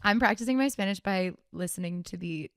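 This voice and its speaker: A woman's voice: medium pitch, a little fast, no echo. A young woman co-hosting a podcast in casual chat, joking and laughing often. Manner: jokey, laughs often, mock rom-com voices. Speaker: podcast co-host.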